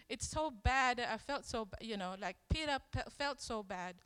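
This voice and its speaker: A woman's voice: fairly high pitch, lively intonation, normal speed, fairly bright tone, clean tone, big-room sound. A woman preaching a sermon in a conversational storytelling way, acting out the quoted lines as she tells the story.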